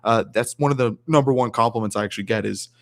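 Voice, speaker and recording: A man's voice: mid-range voice, fast talker, creaky. A man chatting casually as a guest on a livestream, rambling with many restarts. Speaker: guest streamer.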